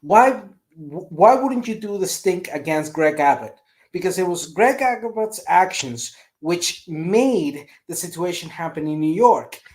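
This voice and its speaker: Animated storyteller on a talk show panel. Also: medium pitch. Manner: animated storyteller acting out dialogue.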